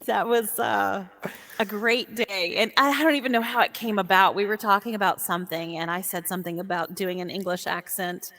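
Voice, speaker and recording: Lively woman with a long echo. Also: mid-range voice, brisk. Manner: warm, animated, laughs easily. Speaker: guest, VR sport caster. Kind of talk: casual interview chat. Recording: long echoey reverb.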